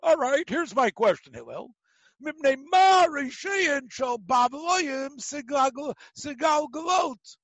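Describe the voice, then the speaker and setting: A man voicing a brash man who is trying to provoke a patient sage with rude questions, in a loud, needling tone. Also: very high voice, lively intonation, slow, no room sound, pitched above the performer's own voice, heavily acted, low-quality recording. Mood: mocking.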